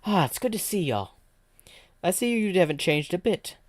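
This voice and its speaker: A man's voice: high voice, big pitch swings, normal speed, voice pushed up. A man doing a cheery clockman. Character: male clockman agent, chipper British-style.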